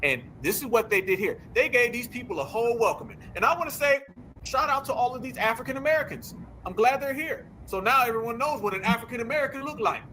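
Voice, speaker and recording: A man hosting a political commentary show, talking in an animated, sarcastic, slangy way. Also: very high-pitched, fast, slight background noise. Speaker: host.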